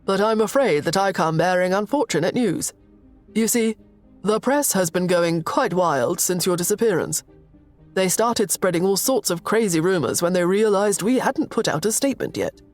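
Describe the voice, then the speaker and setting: A woman's voice: on the low side, animated, normal speed, faint music behind, lightly acted. A woman voicing a courteous male palace butler who speaks formally and apologetically. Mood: worried.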